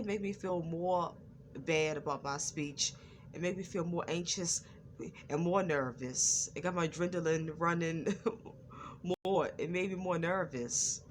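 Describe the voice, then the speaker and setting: A woman's voice: lowish voice, measured pace, a little hiss or hum. A woman vlogger talking to her viewers, stuttering at times and repeating words and phrases in an earnest, preachy way. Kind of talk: personal talk to camera.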